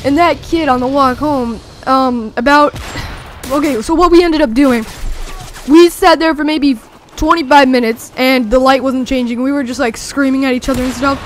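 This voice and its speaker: A young teenager rambling excitedly through a story with many fillers, talking over gameplay. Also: high voice, moderate pace, slight background noise. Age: young teen. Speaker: gameplay commentator.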